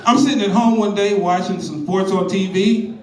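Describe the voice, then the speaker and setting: A man in his forties doing stand-up comedy on a comedy club stage, telling stories in an animated, profane way. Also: high-pitched, normal speed, noisy background. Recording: roomy club sound, distant mic.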